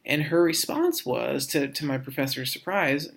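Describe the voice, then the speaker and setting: Slightly high and husky with vocal fry and a fairly bright tone, the instructor lectures for a recorded course. He works through ideas in a halting, reflective way, with frequent restarts and repeated words.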